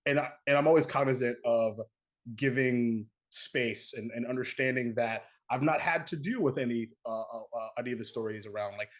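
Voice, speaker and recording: Animated man moderating a panel. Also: mid-range voice, normal speed. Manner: animated, many fillers and restarts. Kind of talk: casual panel discussion.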